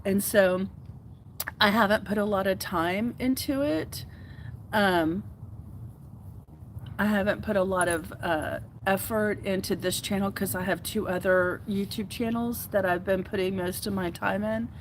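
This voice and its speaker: An earnest woman speaks to camera as host of her own podcast. She takes her time, leaving long gaps, and her talk rambles warmly with plenty of ums. Her voice sits at an ordinary middle pitch. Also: measured pace, slight background noise, low-quality recording. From Houston, Texas. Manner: earnest, heartfelt, rambling with many fillers. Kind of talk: casual solo talk to camera.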